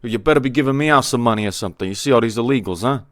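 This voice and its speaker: A man doing a pushy, loud New Yorker with a thick put-on New York accent, rattling off demands at a quick clip. The voice jumps up in pitch and volume. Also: no room sound, clean studio sound, close to an everyday voice. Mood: demanding. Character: brash male New York citizen demanding handouts.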